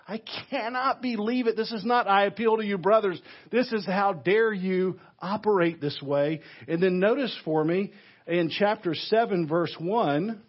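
A male pastor preaching a sermon, animated, acting out outrage with sudden loud bursts. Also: high-pitched, muffled recording. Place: church sanctuary.

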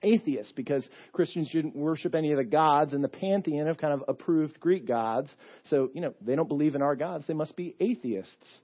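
A man's voice: a little high, normal speed, hardly any pauses, dull audio. A male pastor giving a sermon in a church, telling a story in a conversational way with many fillers.

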